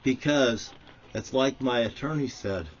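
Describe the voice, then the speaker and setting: A man's voice: on the low side, fairly even intonation, moderate pace, breathy edge. A man giving an angry, profanity-filled monologue to the camera, ranting and swearing constantly. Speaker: vlogger. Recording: dull lo-fi audio.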